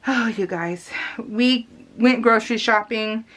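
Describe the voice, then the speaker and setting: Woman, middle-aged, chatty home vlog voice-over, rambling, laughs a lot, fairly high voice. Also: slow. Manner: rambling and animated, laughing often, lots of fillers. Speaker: scrapbooking vlogger.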